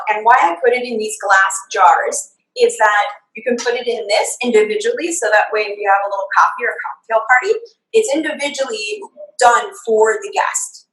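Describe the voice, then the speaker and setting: A woman's voice: fairly high pitch, fairly bright tone. A woman chef chatting through a live cooking demonstration, laughing often and explaining measurements step by step. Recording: roomy echo, far from the mic.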